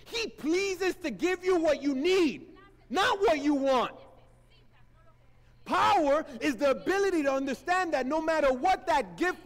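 A man preaching a sermon to his congregation, emphatic, with call-and-response and acted-out quotes. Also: extremely high pitch. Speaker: pastor. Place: church sanctuary. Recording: long church hall reverb.

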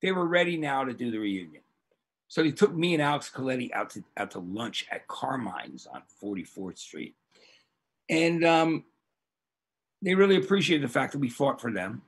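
Husky, lively-voiced male podcast host. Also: mid-range voice, moderate pace. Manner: excitable, profane, rambling anecdotes. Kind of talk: animated storytelling.

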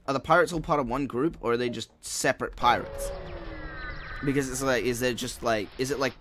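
A man's voice: mid-range voice, brisk, a bit bright, soft background music. A young man giving casual, profane commentary while playing a video game, muttering to himself and yawning now and then. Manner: swears a lot, frustrated outbursts, mutters to himself. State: sleepy, yawning. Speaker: let's play gamer.

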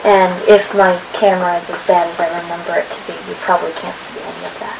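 A woman's voice: on the low side, level tone, fast, vocal fry. A woman talking casually to her camera, chatty and rambling as she looks through old papers. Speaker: vlogger. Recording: audible background noise.

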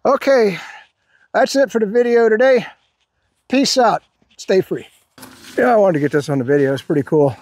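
A man's voice: high voice, moderate pace, long pauses, a little mellow. A man chatting casually to his viewers in a loose, rambling way, full of fillers and restarts. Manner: rambling, hesitant, lots of fillers. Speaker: video creator.

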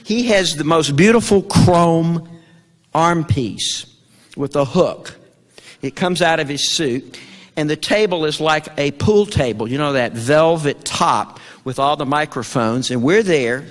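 In a long, reverberant hall, a Vietnam veteran with a Southern American drawl shares a story before an audience. The older man sounds a little high and animated yet a touch slow, and his delivery is folksy and halting.

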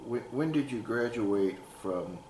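A man's voice: medium pitch, expressive, a little slow, a little mellow. A man interviewing for an oral history, asking hesitant questions full of fillers. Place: museum room. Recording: roomy with faint hiss.

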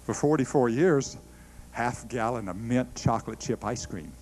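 A middle-aged preacher tells stories in his sermon with animated energy, laughing and stammering as he restarts his sentences. His medium-pitched voice keeps a moderate pace, though the audio quality is poor.

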